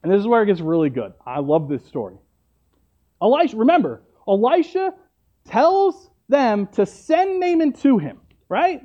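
A man's voice: high voice, sing-song, normal speed, dark tone, dull audio. A man preaching a sermon, retelling a story in a conversational way and often checking in with "right?".

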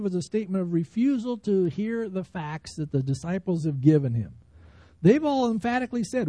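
High-voiced man preaching conversationally. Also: lively intonation, moderate pace, dark tone, no echo. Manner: conversational, emphatic preaching with scripture reading. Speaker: pastor. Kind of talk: sermon.

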